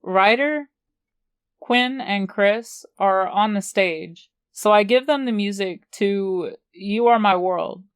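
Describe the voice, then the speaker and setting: A woman narrating a teen romance story in the first person with a calm, measured reading. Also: medium pitch, smooth, no echo, clean studio sound. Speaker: audiobook reader.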